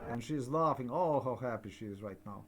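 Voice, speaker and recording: A man's voice: mid-range voice, animated, a little fast. An older man, giving rambling personal commentary that repeats and digresses. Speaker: vlogger.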